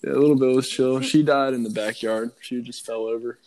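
A young man as a podcast guest, chatting casually in a dry, deadpan, teasing way. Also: medium pitch, fairly quick, low-quality recording. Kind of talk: casual chat. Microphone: phone call.

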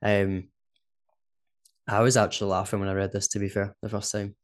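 Scottish male podcast co-host, casual and chatty, lowish pitch, laughs a lot between points. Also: little pitch movement, normal speed. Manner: chatty, laughs often, says "do you know what I mean". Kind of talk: casual chat.

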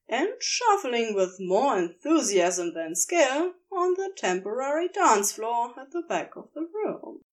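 A woman reading a story aloud, narrating slowly and expressively. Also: fairly high pitch, distant mic. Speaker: podfic reader.

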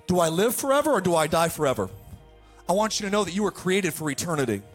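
A man preaching a fired-up sermon to his church, swinging from hushed passages to shouted ones. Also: high voice, very animated, fast talker, faint music behind. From United States. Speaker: pastor.

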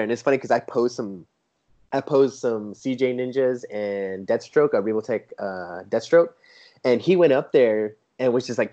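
Enthusiastic man telling stories, dull lo-fi audio. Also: mid-range voice. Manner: enthusiastic storyteller who quotes others in a lively, raised voice. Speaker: toy photographer guest. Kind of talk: casual chat. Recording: dull lo-fi sound.

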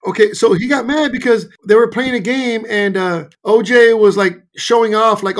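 Mexican-born coach as guest, high male voice, animated storyteller. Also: normal speed, few pauses, poor audio. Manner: animated storyteller, acts out quotes. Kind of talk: casual storytelling interview.

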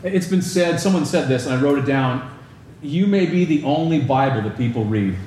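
A man preaching a sermon as pastor, asking the congregation rhetorical questions and moving between emphatic raised lines and slow, low stresses. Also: lively intonation, darkish tone. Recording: very echoey hall, faint background noise.

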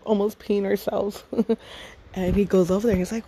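A woman's voice: mid-range voice, steady tone, normal speed, mellow, husky, low-quality recording. Woman in her thirties, fond rambling storyteller. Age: 30s. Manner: rambling, fond, laughs often, many fillers. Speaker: podcast storyteller. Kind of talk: casual personal storytelling.

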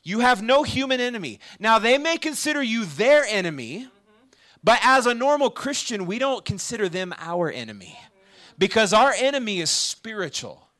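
A man preaches a sermon at a campus ministry gathering in a high voice at a moderate pace. Conversational and animated, he regularly checks in with the audience by posing questions.

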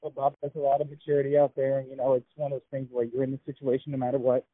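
A man talks quickly and earnestly, coaching his friend through a hard week in a casual podcast chat. The sound is dry and tinny, like a phone line. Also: mid-range voice, monotone, no room sound. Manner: fast, earnest, motivational, asks follow-up questions. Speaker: podcast co-host.

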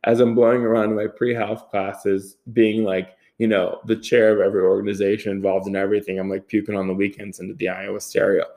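Laughing, rambling podcast host. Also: male voice, fairly low pitch, level tone, quick pace, hardly any pauses, dark tone. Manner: swearing, laughing, rambling with lots of "like". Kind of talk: casual storytelling monologue.

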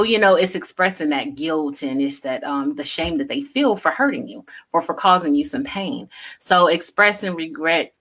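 A woman with a low voice co-hosts a relaxed talk show. She explains things earnestly, often adding "you know" as she goes. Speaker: co-host. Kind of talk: casual talk show chat.

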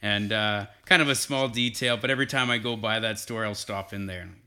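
Man, low voice, bright tone, rambling casual storytelling. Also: fairly even intonation, a little fast, clean tone. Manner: rambling, many restarts and fillers. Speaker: guest telling a hunting story.

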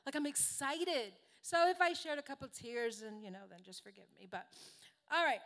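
Woman, native Spanish speaker, high voice, sermon, earnest, conversational, self-deprecating. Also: very animated, a little fast, fairly bright tone. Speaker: guest preacher.

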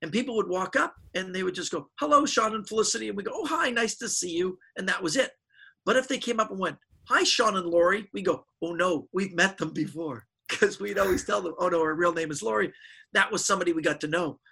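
A middle-aged man, a touch husky, spins stories in a high and bright voice. He slips into the voices of people he quotes. The talk is loose and casual, like an interview. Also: fairly quick, low-quality recording. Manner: animated storyteller acting out quoted voices. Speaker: guest magician.

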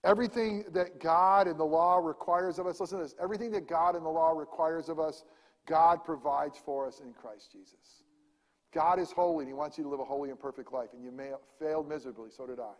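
A man preaching a sermon, swinging from loud emphasis to hushed near-whispers. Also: fairly high pitch, fairly even intonation, brisk, long reverb tail. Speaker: pastor.

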